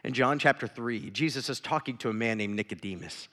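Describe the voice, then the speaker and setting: Impassioned pastor swinging from shouts to whispers. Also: male voice, medium pitch, brisk. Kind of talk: sermon. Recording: reverberant hall.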